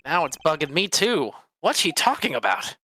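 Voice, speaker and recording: A woman's voice: sits low, sing-song, bright, forceful tone, husky, exaggerated voice. A woman voicing an earnest, nervous young male defense attorney in a fan game dub. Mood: puzzled. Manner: nervous, eager, quick to exclaim.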